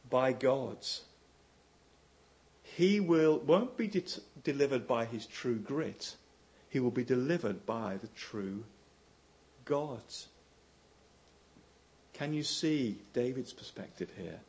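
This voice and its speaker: A male preacher at mid pitch delivers a sermon in a lively storytelling way. His voice climbs for the quoted speech and drops low to press each point home. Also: slow pace, pauses often. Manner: animated storytelling, voice rising for quoted lines and dropping low for emphasis.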